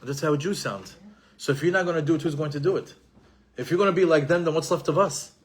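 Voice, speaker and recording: Husky-voiced man teaching Torah. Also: fairly high pitch, quick pace. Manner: animated, repeats himself, mixes in Hebrew terms. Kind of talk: Torah lesson to an audience.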